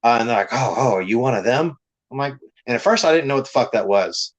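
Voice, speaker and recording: A man's voice: mid-range voice, animated, fast, slight background noise, low-quality recording. A man, a comic creator, telling blunt, profane stories in a casual podcast chat.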